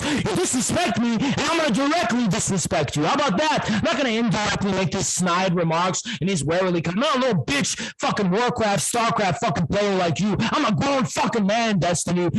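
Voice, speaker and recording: High-voiced man in an aggressive rant. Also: rough recording. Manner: aggressive, profane, repetitive ranting. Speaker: debate guest. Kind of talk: heated online debate.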